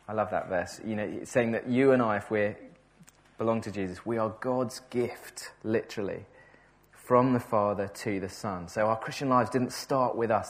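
A male preacher delivering a sermon in an easy, conversational way, his voice sitting on the low side. He often doubles back on words and corrects himself mid-sentence, and he sounds openly enthusiastic about the passage. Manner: conversational, with frequent repeats and self-corrections.

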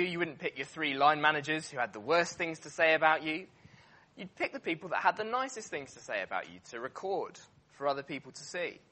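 A man preaching a sermon, emphatic and animated, with frequent fillers and restarts. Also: a little high.

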